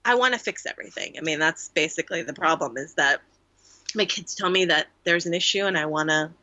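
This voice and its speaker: A middle-aged woman with a bright voice chats casually as a podcast guest, telling stories and acting out what her kids said. The recording sounds dull and dry. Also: deep voice, brisk, no echo. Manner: animated storytelling, acts out voices of her kids. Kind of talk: casual chat.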